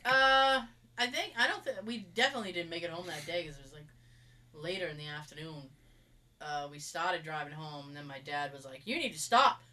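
A woman from Massachusetts with a Massachusetts accent, telling a story in casual chat with lively sound effects. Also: deep voice, brisk, slight background noise.

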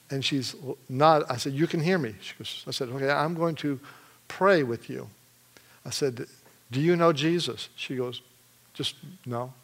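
A medium-pitched man from Michigan, USA, gives his testimony during a sermon. He tells his story with animated energy and laughs often.

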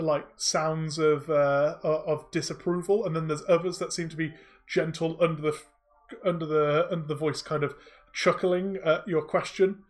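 A man narrating a tabletop game as game master, hesitant and full of restarts. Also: on the high side. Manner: hesitant, many fillers and restarts.

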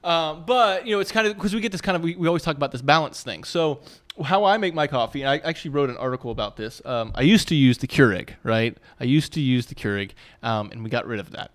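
A man co-hosting a podcast in his thirties, talking quickly and loosely with plenty of fillers. His voice sits a touch high and tumbles from one aside to the next. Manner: rambling, filler-heavy, animated storytelling. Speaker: podcast co-host. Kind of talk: casual chat.

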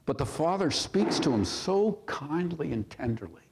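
A man's voice: a little high, very animated, normal speed, gravelly, a little mellow. A male pastor preaching a sermon, reading scripture aloud and commenting on it with rhetorical questions to the congregation. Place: church sanctuary. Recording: long reverb of a church sanctuary.

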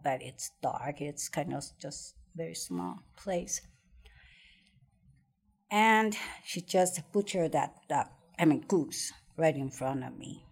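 Slow-speaking woman telling a childhood story. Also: low voice, vocal fry, darkish tone. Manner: hesitant, repeats words, laughs often. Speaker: interviewee. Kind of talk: personal storytelling in conversation.

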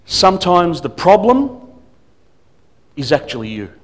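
A man's voice: sits high, sing-song, unhurried. A man preaching as a guest pastor, telling stories with humor and acting out what people said. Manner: storytelling with humor and acted quotes. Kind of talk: sermon.

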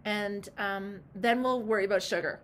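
A woman's voice: mid-range voice, moderate pace, a little hiss or hum. A woman coaching a client in casual talk, emphatic and direct, with frank asides. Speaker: life coach.

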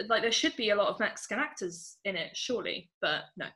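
A woman from England co-hosts a podcast in a relaxed, chatty way, often breaking into laughter. Her voice is bright and forward, sitting at an ordinary pitch for a woman. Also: moderate pace. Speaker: podcast co-host. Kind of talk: casual podcast chat.

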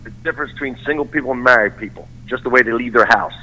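Bright-voiced comedian reminiscing. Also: male voice, mid-range voice, fast, low-quality recording. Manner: laughs easily, recounts with rambling restarts. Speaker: stand-up comedian. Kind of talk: casual chat.

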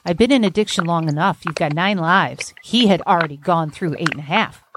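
Lower-voiced woman therapist, blunt and salty, talky podcast, hissy noisy mic. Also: fairly quick. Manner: blunt, emphatic, salty storyteller. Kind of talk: candid podcast conversation.

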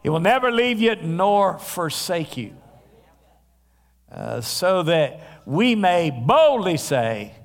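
A male pastor preaching a sermon in a church, telling stories in a conversational way with frequent pauses. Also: sits high, big pitch swings. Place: church sanctuary. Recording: long hall reverb.

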